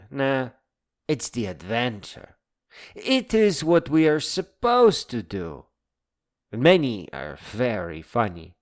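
Slow, lively-pitched wry male narrator. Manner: wry, musing, slow and deliberate. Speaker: essay narrator. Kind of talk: reflective spoken essay. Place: Lake Michigan area.

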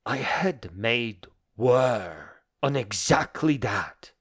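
A man voicing an embittered, proud, dying philosopher in a dramatic monologue, a letter read aloud with slow, measured, bitterly scornful declamation. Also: medium pitch, lively intonation, fairly bright tone, slightly rough, heavily acted.

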